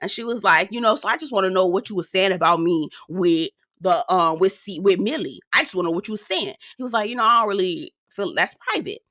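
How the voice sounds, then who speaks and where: Sassy lady recapping reality tv, bright voice, dry close mic. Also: medium pitch, a little fast, hardly any pauses, dry recording. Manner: sassy, animated, talks straight to viewers. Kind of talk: casual chatty recap.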